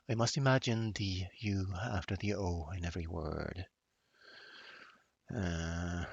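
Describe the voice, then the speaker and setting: A man's voice: lowish voice, gravelly, no room sound, lo-fi sound. A man casually narrating a live game stream, rambling and poking fun at himself. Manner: rambling, self-deprecating.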